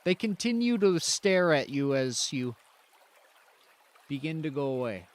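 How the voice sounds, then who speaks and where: A man from Canada narrating a role-play stream as game master, laid-back and unhurried. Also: a little high, very animated.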